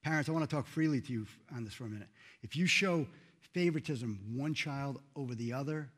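A man preaching a sermon in a church, earnest and emphatic, rising loud then dropping soft. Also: medium pitch, a little fast. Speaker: pastor.

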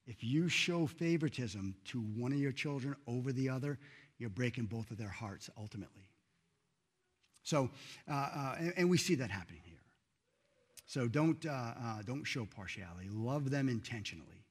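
A man preaching a sermon in a church, earnest and emphatic, rising loud then dropping soft. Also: mid-range voice, expressive, normal speed, husky. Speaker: pastor.

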